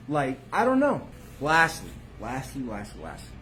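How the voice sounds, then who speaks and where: Animated man muttering then bursting out loud. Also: mid-range voice, moderate pace, background noise. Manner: street slang, swears freely. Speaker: channel host. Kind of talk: casual monologue to viewers.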